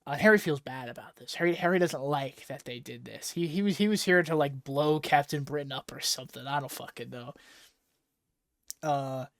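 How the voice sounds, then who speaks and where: A man in a podcast chat, talking somewhat high and loose as he recaps a comic, full of fillers and swearing. His voice is close and dry, with no room sound around it. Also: normal speed, a bit bright, no echo. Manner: rambling, profane, filler-heavy storytelling. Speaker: podcast co-host. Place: podcast recording setup. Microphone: podcast microphone.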